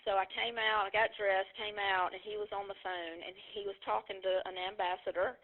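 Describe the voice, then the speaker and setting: A woman shares her story as a distributor over a tinny phone line. She talks at a middling pitch and tells it earnestly, with plenty of "you know" fillers along the way. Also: flat delivery, moderate pace. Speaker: network marketing distributor sharing her story. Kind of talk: personal testimony on a conference call. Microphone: telephone.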